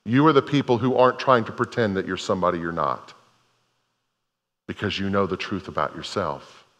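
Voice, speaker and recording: A man preaches from the pulpit in a sanctuary, his lowish voice bright and forceful. He speaks earnestly and drives points home by repeating them. The sound rings with the long reverb of a large hall. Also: fairly quick. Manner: earnest, repeats phrases for emphasis. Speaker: pastor. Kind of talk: sermon.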